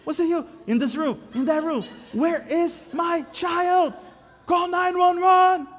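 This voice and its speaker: A man's voice: steady tone, slow, a bit bright, long reverb tail, exaggerated voice. A man putting on the voice of a frantic young mother, crying out in panic as she searches for her baby. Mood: panicked. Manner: panicked, shrill exclamations.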